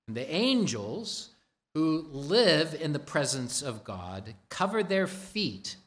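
A man preaching a sermon, slow and deliberate, stressing repeated words for emphasis. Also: mid-range voice, fairly bright tone. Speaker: pastor.

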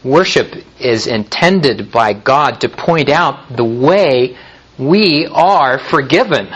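A man preaching a sermon in a measured way, with frequent pauses and restarts. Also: on the high side, a bit bright, breathy edge, rough recording. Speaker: pastor.

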